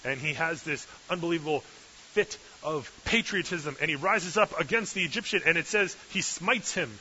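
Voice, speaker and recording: A man's voice: fairly high pitch, moderate pace, pushed and bright. A male preacher giving a sermon with humorous, sarcastic asides, in a dull lo-fi recording with hiss.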